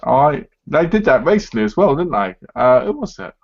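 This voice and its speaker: A man's voice: medium pitch, very animated, moderate pace. Chatty man hosting a live chat, lo-fi. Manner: chatty, acts out other people's lines as he talks. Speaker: live stream host. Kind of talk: casual chat. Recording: dull lo-fi stream audio.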